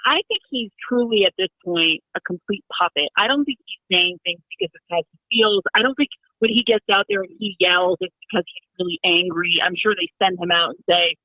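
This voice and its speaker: A woman's voice: lowish voice, a little fast, no room sound. A woman calling in as a guest on political talk radio, earnest and opinionated, often restarting her sentences. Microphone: telephone. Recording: tinny phone line.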